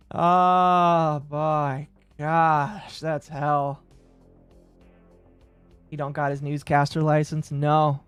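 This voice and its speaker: A woman's voice: sits low, very slow, pauses often, clean tone, no room sound, faint music behind. A woman from the United States streaming reaction commentary in a brash, crude, mocking way, swearing often.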